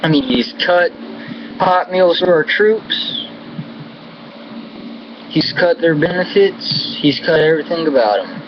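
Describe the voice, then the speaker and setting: This American man's voice runs fairly high and animated, moving slowly with frequent pauses as he vlogs to camera. He unleashes a furious, foul-mouthed political tirade packed with scorn and insults, captured in muffled lo-fi sound over a humming air conditioner.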